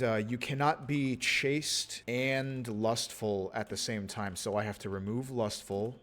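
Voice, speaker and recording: A man giving gameplay commentary who laughs often, yells at the screen and slows down to read out game text. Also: medium pitch. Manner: slows right down when typing console commands. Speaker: gaming YouTuber.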